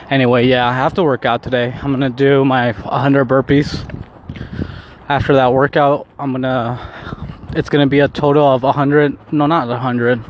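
A man's voice: mid-range voice, flat delivery, moderate pace, lo-fi sound, a little hiss or hum. A man talking casually to the camera outdoors, rambling with many restarts, swearing and laughing often. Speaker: vlogger.

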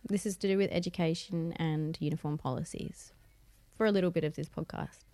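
A woman's voice: deep voice, steady tone, brisk, warm tone, no room sound. A middle-aged woman with an Australian accent, co-hosting a casual live-streamed podcast and greeting viewers by name. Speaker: podcast co-host.

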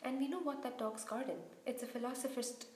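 A woman's voice: sits high, fast talker, a little mellow, slight background noise, natural voice. Ron, a woman reading as an impatient schoolboy. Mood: grumbling. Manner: complaining, boastful. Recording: roomy echo.

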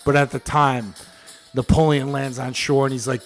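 A man hosting a podcast, retelling history in crude, slangy, animated casual chat. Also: mid-range voice, moderate pace, faint music behind. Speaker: podcast host.

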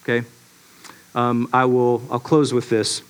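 A man preaching a sermon to a congregation, emphatic and lively, asking the audience rhetorical questions. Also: medium pitch, measured pace, clean tone. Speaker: pastor.

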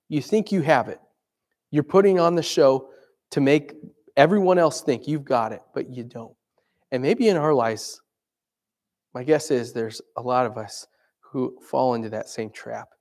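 A man delivers a sermon with a somewhat raised pitch for a male voice. He talks in a loose, conversational way and keeps turning to his listeners with questions. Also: a little mellow. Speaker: preacher.

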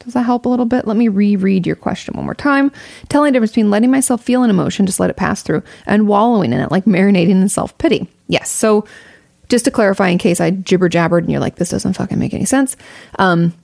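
A woman's voice: medium pitch, fast talker, creaky, a little mellow, no room sound, studio quality. A young woman giving casual advice to her viewers, candid and rambling, swearing freely. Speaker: streamer answering a viewer question.

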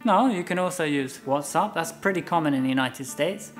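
A man teaching English in a relaxed, chatty lesson. He explains each phrase by acting out playful everyday scenes. Soft music plays faintly underneath. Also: on the high side, brisk. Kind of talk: casual bilingual lesson chat.

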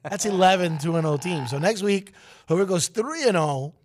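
A man with a raspy voice hosting a morning radio show, rambling and joking with his co-hosts. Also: moderate pace. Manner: jokey, rambling, sometimes drops to a low corporate voice. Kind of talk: casual morning show banter.

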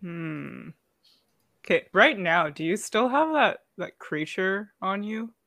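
A woman reading a text adventure game aloud to friends, quick and giggly. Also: medium pitch, animated, a bit bright, dry recording. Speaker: game narrator.

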